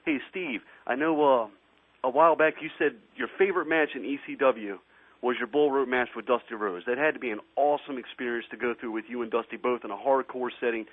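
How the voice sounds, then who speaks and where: A man from the Northeastern US hosting a casual radio interview, asking relaxed, friendly questions. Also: medium pitch, brisk, no room sound. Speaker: radio show host. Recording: tinny phone-like radio audio.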